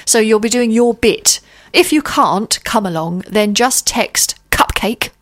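A woman co-hosting a radio show, chatting casually with lots of ums and quick laughs. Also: a little high, expressive. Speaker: radio co-host.

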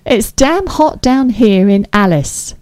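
A woman's voice: a little high, lively intonation, slow, a little mellow, dry recording. A woman putting on a jolly Australian outback man with a drawling mock Australian accent. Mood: hearty.

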